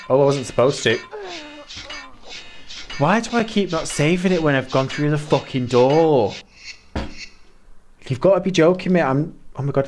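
A man commentates live over his game from an indoor room, his mid-range voice jumping between mock outrage and laughter. He reads and teases his chat as he plays. A faint noise sits under the recording. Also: mid-range voice. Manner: animated, exclaiming, laughing, teasing chat. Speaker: game streamer.

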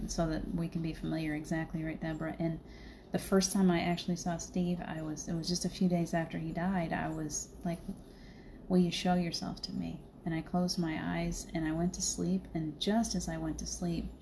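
A woman's voice: deep voice, level tone, fairly quick, mellow, slight background noise. A middle-aged woman hosting a livestream, telling a spiritual story in a chatty way and laughing often. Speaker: livestream host. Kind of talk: casual spiritual chat.

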